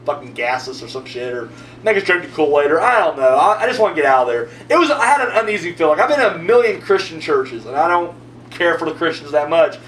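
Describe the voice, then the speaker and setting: A man with a high voice tells a rambling story full of swearing as he answers his viewers. His pitch jumps all over the place. He sounds set back from the mic in a roomy space, with a faint hum underneath. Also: quick pace, distant mic. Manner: profane, rambling, animated storyteller. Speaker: video host answering viewer comments. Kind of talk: casual storytelling monologue.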